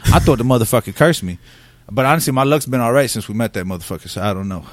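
A man's voice: medium pitch, fast talker, dry recording. A middle-aged man co-hosting a casual podcast, telling rambling, profane stories. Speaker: podcast co-host.

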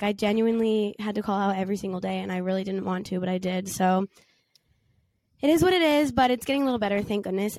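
A woman's voice: medium pitch, no room sound. Young woman co-host getting over a cold. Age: 20s. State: recovering from a cold, voice not fully back. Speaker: podcast co-host. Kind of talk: casual chat.

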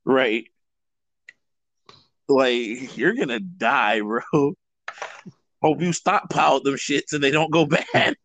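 A man's voice: medium pitch, takes it slowly, long pauses, fairly bright tone, a little hiss or hum. A young man co-hosting a webtoon read-along, joking, swearing and laughing often. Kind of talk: casual chat with reading aloud.

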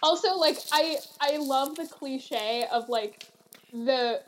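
A woman co-hosting a casual movie chat, chatty and quick to laugh. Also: high voice, slight background noise, rough recording. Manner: chatty, laughs often, many fillers.

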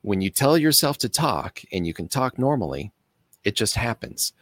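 Man, very low voice, personal storytelling, halting delivery, earnest, dry recording. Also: very animated, fairly bright tone, no echo. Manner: halting, with pauses and restarts. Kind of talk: personal story told to camera.

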